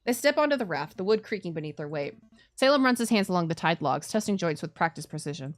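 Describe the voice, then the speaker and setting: A woman streamer reading a story game aloud in an even, steady way, with quick asides. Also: fairly low pitch, no room sound, soft background music.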